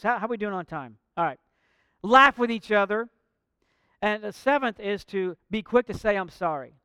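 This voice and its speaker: A man's voice: sits high, a bit bright, smooth, no echo, muffled recording. A man preaching a sermon, earnest and direct, mixing light jokes with a call to faith. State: out of breath. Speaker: pastor.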